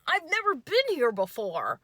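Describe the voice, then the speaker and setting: A woman imitating an overeager young man on a date, with a squeaky voice and excited, gushing delivery. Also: normal speed, breathy edge, dry recording, heavily acted.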